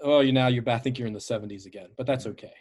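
A man's voice: mid-range voice, rapid-fire, a little mellow, husky. A man hosting a casual podcast interview, asking long rambling questions with plenty of fillers. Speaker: podcast host.

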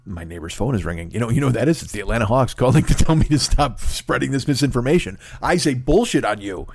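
A man's voice: medium pitch, quick pace, creaky, husky, no echo, clean studio sound. A man in his forties ranting and telling stories on a comedy podcast, profane, sarcastic and rambling. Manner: animated storytelling. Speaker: podcast host.

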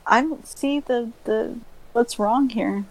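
Animated swearing woman, casual chat. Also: a little high, takes it slowly, creaky, low-quality recording.

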